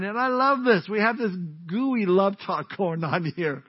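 High-voiced joking pastor preaching. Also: male voice, lively intonation, unhurried, hardly any pauses, breathy edge, muffled recording. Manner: conversational, joking, warm-hearted. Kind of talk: sermon.

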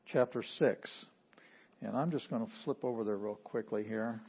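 A pastor preaching a sermon, explaining patiently and repeating phrases for emphasis. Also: male voice, lowish voice, moderate pace, husky. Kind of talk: sermon teaching. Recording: slightly dull lo-fi audio.

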